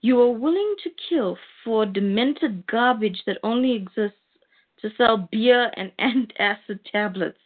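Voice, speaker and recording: A woman's voice: fairly high pitch, a little slow. A woman voicing a stern, righteous male superhero who lectures a villain indignantly. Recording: tinny phone-like sound.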